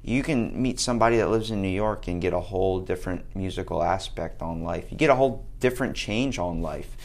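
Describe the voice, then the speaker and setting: A man in casual chat, an animated storyteller who laughs as he tells his stories. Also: low-pitched, brisk, gravelly.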